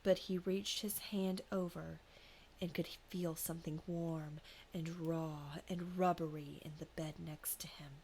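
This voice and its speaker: A woman podcast co-host narrating a folk ghost story in a hushed, whispery way, then chatting casually. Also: low-pitched, steady tone, a little slow, a little hiss or hum.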